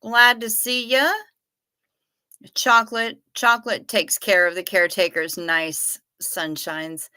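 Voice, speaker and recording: Woman livestream host, bright tense tone, slow easy delivery, swears freely, gushes over her viewers. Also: mid-range voice, level tone, clean tone. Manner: profane, effusive, greets viewers by name. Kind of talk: casual livestream chat reading viewer comments.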